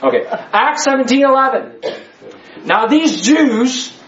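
A man's voice: very high voice, lively intonation, measured pace, fairly bright tone, a faint crowd. Man, church class teacher, emphatic, jokey, rhetorical, echoey room. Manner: emphatic, joking, rhetorical questions. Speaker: Bible study teacher. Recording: echoey, slightly dull room.

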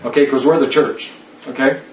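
In an echoey indoor room, captured on a distant mic with dull lo-fi quality, a man runs a Bible study for a small listening group. His mid-range voice stays steady and fairly quick as he stresses points, repeats key words and keeps asking "okay?"

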